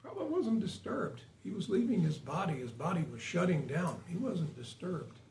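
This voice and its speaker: A man gives a conversational spiritual talk to a small group, very animated and at a moderate pace, often asking the audience questions. His voice is high-pitched and a little mellow, recorded roomy on a distant mic with faint hiss.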